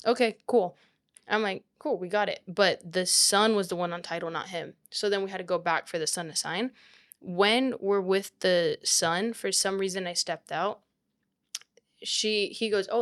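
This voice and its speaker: A young woman, a real estate agent, telling a story in casual chat, full of "like" and quoted speech. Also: medium pitch. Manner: animated, quotes people often with "like".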